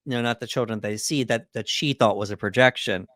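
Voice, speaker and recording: A man's voice: on the low side, fairly quick, a bit bright, dry recording, studio quality. A man co-hosting a podcast, casually recapping a film's plot from his notes with plenty of fillers. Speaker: podcast co-host. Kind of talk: casual film breakdown chat.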